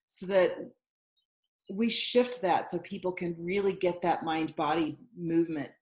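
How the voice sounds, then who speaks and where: A woman's voice: lowish voice, fairly even intonation, unhurried. A woman guest who runs a yoga studio, explaining things earnestly in a casual interview. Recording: echoey room.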